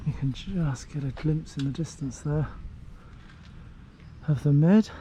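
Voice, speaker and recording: A man's voice: a little high, unhurried, background noise. A middle-aged man from the UK chatting enthusiastically as he walks outdoors through village streets, admiring everything he sees. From United Kingdom. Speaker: travel vlogger. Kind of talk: casual walking commentary.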